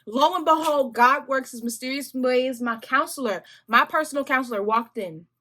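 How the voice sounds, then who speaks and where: Bright-voiced young woman telling a story. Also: high voice, moderate pace. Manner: animated, slangy, talks straight to viewers. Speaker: vlogger. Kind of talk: casual storytime.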